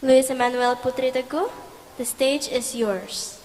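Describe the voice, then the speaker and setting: A woman's voice: high voice, measured pace, darkish tone. A woman acting as emcee of a competition, formally and courteously announcing contestants from the stage. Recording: echoey hall with faint ambient noise.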